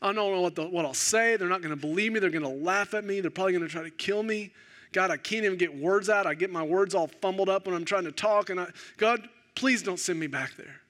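A man's voice: sits high, quick pace, a bit bright. A man voicing Moses as an anxious, self-doubting man who stammers and pleads. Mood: desperate.

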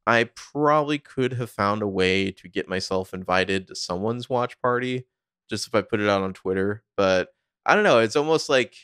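Laid-back American man, low voice. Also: animated, normal speed, fairly bright tone, smooth, no room sound. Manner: laid-back, dry humor, trailing off. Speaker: podcast co-host. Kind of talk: casual recap chat.

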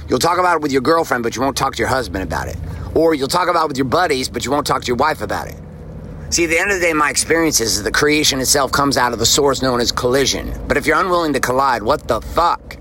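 A man delivering a motivational monologue as a podcast host. His talk is blunt, profane and fired-up, at an average pitch. There is a faint hum of noise behind him, with what sounds like a vehicle. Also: bright, forceful tone.

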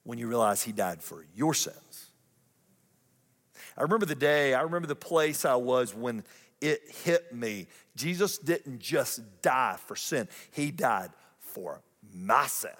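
A male pastor preaching a lively sermon, repeating phrases and climbing higher in pitch for emphasis. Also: measured pace, big-room sound. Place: church auditorium.

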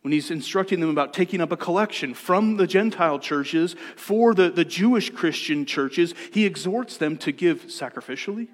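A man preaching a sermon as pastor, in a relaxed conversational way that often repeats words as he restarts. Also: fairly high pitch, moderate pace, hardly any pauses. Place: church sanctuary. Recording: long church reverb.

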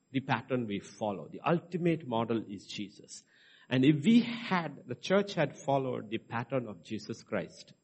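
A man's voice: mid-range voice, darkish tone, husky. A male pastor preaching a sermon, emphatic and checking in with "okay" as he teaches scripture. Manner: emphatic, rising to stress points, frequent "okay" checks.

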